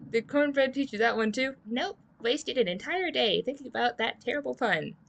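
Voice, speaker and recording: A woman's voice: a little high, moderate pace, vocal fry, muffled recording, a little hiss or hum, voice pushed up. A woman voicing a chirpy little living food creature in a video game, with a cheerful, teasing delivery.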